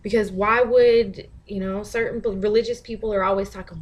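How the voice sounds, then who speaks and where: A woman talking straight to camera in a casual vlog monologue. She is blunt and profane, laughs often, and breaks into shouted mimicry of other people. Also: mid-range voice, fairly even intonation, normal speed. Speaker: vlogger.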